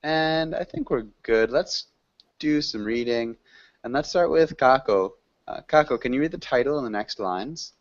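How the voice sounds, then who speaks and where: A man's voice: medium pitch, moderate pace, dry recording. Male online teacher, easygoing and rambling, dry lo-fi sound. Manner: relaxed, rambling, many fillers. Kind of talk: casual online class chat.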